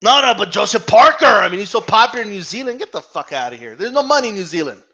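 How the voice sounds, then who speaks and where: This heated boxing rant comes from a man with a high-pitched, sharp voice who talks fast and very animatedly. He curses, argues with imaginary fans and stumbles on repeated words in vlog-style commentary captured on dull, lo-fi audio.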